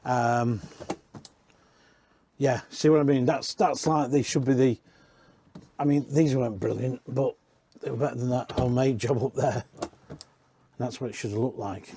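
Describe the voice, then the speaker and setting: A man's voice: medium pitch, fairly even intonation, moderate pace, long pauses, warm tone, a little hiss or hum. Chatty man touring caravans. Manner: chatty, rambling, corrects himself mid-sentence. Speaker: caravan industry reviewer. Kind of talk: casual walk-around tour. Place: inside caravans at a dealership.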